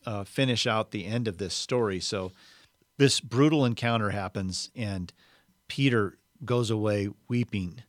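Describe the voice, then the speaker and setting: A man with a fairly low voice preaching a sermon. He walks his listeners through a Bible passage in a relaxed, explanatory way. The sound is dry and close, with no room echo. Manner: conversational, explanatory teaching.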